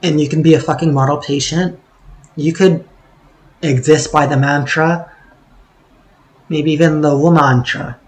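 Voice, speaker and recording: A man with a fairly high voice, ranting in a casual vlog monologue. He is sarcastic and curses often. He rambles along with lots of ums and trailing asides. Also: fairly even intonation, a little slow, long pauses, rough recording. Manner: sarcastic, swearing freely; rambling with many fillers. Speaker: vlogger.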